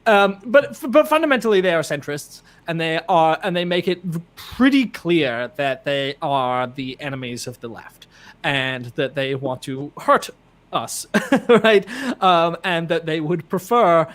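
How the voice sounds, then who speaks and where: Male writer guest, fairly high voice, measured explanatory chat. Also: lively intonation, a bit bright. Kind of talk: casual political discussion.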